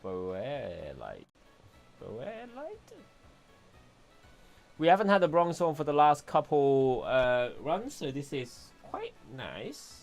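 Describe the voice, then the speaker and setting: A man's voice: a little high, big pitch swings, unhurried, hardly any pauses, faint music behind. A man giving casual commentary while playing a video game, thinking aloud and muttering to himself. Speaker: gameplay streamer.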